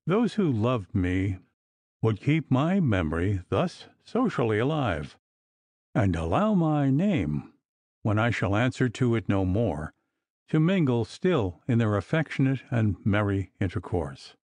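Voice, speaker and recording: A man narrating an old gothic novel as an audiobook, reading in a measured, expressive way. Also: lowish voice, dry recording.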